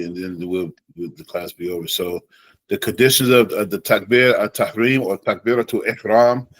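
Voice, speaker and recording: A man teaching an Islamic studies class in a relaxed way, slowing down to demonstrate Arabic phrases. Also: fairly low pitch, dry recording, rough recording.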